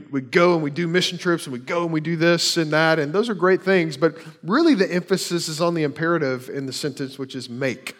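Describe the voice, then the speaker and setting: A man's voice: a little high, fairly bright tone. A man preaching a sermon as a church pastor, conversational, with rhetorical questions and casual asides.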